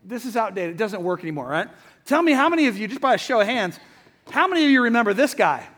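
A middle-aged man preaching a sermon to a hall audience, chatty and lively, often asking the crowd questions. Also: high voice, fast. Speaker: pastor. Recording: long hall reverb.

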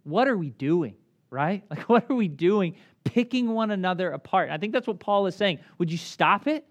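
Male pastor in his thirties, casual sermon delivery, lively pitch swings, slightly high voice. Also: moderate pace. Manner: conversational, animated with acted asides.

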